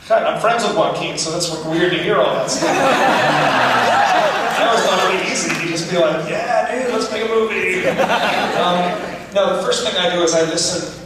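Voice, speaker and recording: A film director answering audience questions in a chatty, laughing way at a festival Q&A. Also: male voice, sits high, huge pitch swings, normal speed, a loud crowd. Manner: chatty, laughing asides, restarts. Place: large hall with audience. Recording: echoey hall from far off, audience noise.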